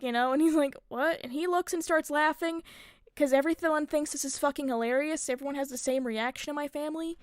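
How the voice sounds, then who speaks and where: Young woman streamer, high-ish voice, chatty and foul-mouthed, lots of filler words. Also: no room sound, clean studio sound. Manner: rambling, profane, many filler likes. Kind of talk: casual storytelling.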